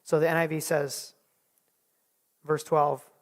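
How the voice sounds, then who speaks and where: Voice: medium pitch, little pitch movement, slow, pauses often. A Bible study teacher leading a small group lesson, retelling scripture in a conversational way, often restarting words.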